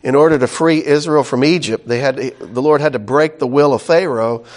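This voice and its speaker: A man's voice: mid-range voice, brisk. A man teaching a sermon verse by verse, in a casual, conversational way with many fillers and "right?" asides. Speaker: pastor.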